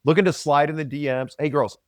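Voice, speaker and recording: A man's voice: a little high, steady tone, fast talker, no room sound, clean studio sound. A man co-hosting a podcast and coaching fitness, teasing and joking in casual banter. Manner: joking, teasing, playful impressions.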